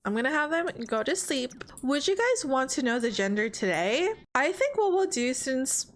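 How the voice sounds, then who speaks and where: A young woman giving dramatic, animated commentary while playing a life sim game. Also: high voice, normal speed. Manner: dramatic, animated, exclaims often. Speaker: streamer. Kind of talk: let's play commentary.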